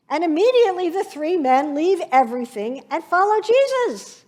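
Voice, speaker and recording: A woman pastor preaching a sermon, slow and reflective, painting scenes from scripture for her congregation. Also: very high-pitched, big pitch swings, a little mellow.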